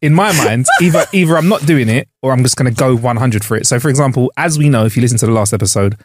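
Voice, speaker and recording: A man co-hosting a casual podcast, easygoing and quick to agree. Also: mid-range voice, very noisy. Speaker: podcast co-host.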